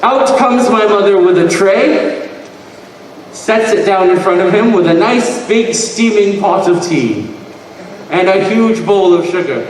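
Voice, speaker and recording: A man's voice: sits high, expressive, a little slow, a little hiss or hum. A man telling rambling stand-up stories on a convention panel, slipping into voices for the people in them. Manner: rambling anecdotes, mimics voices. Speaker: guest comedian telling stories. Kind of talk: stand-up storytelling. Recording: echoey hall from far off.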